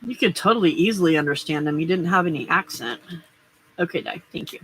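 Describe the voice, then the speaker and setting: A woman's voice: on the low side, animated, fast talker, fairly bright tone, husky, poor audio. A middle-aged woman hosting a casual live stream, chatting and rambling as she crafts and answers viewers' comments. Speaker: livestream host.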